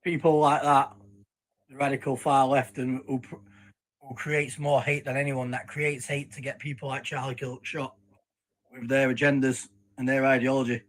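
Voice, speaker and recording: A man's voice: medium pitch, level tone, moderate pace, low-quality recording. A man delivering an indignant political rant to his viewers. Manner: indignant, ranting. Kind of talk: ranting opinion video.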